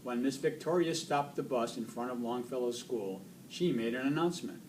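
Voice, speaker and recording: A man reading a children's book aloud in an expressive storytelling voice. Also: medium pitch, normal speed, few pauses. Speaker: reader. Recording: distant mic, faint noise.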